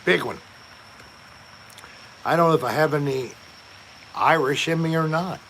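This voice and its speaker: A man hosting a casual live stream, chatting slowly and joking while reading out viewer comments. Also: fairly high pitch, fairly bright tone, slight background noise. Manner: slow, joking, reads chat aloud. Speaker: livestream host.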